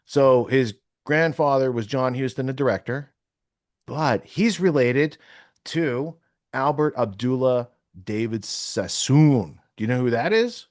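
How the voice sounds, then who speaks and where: A man hosting a podcast at an everyday mid pitch, talking loosely and thinking aloud as he clicks through sources. His voice is dry and close to the mic, with no room sound around it. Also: expressive, unhurried, no room sound. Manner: rambling, thinking aloud while browsing sources. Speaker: podcast host. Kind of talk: casual podcast talk.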